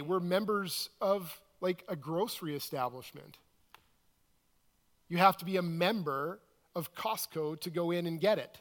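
Pastor, male, high-pitched, conversational sermon style, hall reverb. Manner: conversational, self-questioning preaching with quoted asides. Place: church sanctuary.

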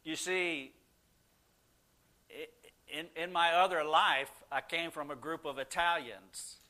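A middle-aged man tells stories to a live audience with a bright, forceful tone. His pitch sits a little high, and he gets animated as he quotes people. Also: takes it slowly. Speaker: speaker answering audience questions. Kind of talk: casual talk to a live audience.

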